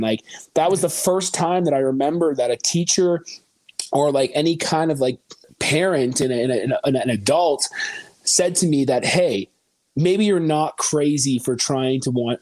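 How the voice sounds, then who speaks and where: Young man, guest storyteller, animated, acts out quotes; mid pitch, dry mic. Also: dry recording. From Canada. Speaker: country singer guest. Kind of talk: casual podcast chat.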